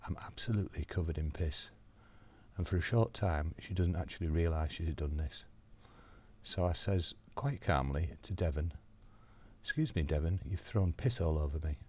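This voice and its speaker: A man recording a personal video diary from his hospital room, telling a story calmly with dry, wry humour. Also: deep voice, dull audio. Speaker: video diarist in hospital recovery.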